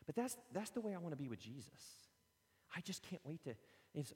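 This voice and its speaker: A man preaching a sermon, telling lively personal stories and acting them out. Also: on the high side, brisk. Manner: animated storytelling, acts out his own stories. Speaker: pastor. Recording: long hall reverb.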